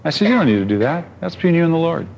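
A man's voice: on the high side, very animated, racing, vocal fry, a little mellow, lo-fi sound, a little hiss or hum. A pastor preaching a conversational sermon, asking his congregation questions and telling stories.

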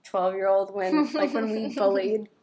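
A woman's voice: medium pitch, measured pace, a crowd in the background. A woman co-hosting a podcast, chatting casually with lots of "like" fillers. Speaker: podcast co-host. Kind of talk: casual chat.

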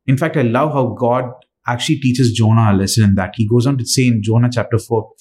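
A man preaching a sermon, earnest and halting, with frequent fillers and restarts. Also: medium pitch, steady tone, a little mellow.

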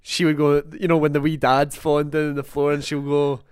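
A man's voice: on the high side, completely flat delivery, brisk, a little mellow, clear, resonant tone, no room sound, clean studio sound. A Scottish man co-hosting a podcast, chatting casually about films and laughing often. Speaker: podcast co-host. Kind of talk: casual film review chat.

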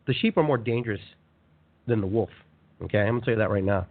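A man hosting a motivational spiritual talk show, speaking in an animated, conversational way and repeating phrases for emphasis. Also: lowish voice, quick pace, pauses often. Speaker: radio show host. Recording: tinny phone-line sound.

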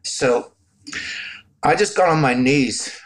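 A man's voice: medium pitch, slow, a little hiss or hum. A man in his sixties from Northern Ireland with a Northern Irish accent, a guest telling his faith story in an interview in a reflective, emotional way. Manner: reflective, gets choked up, laughs softly. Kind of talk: interview testimony.

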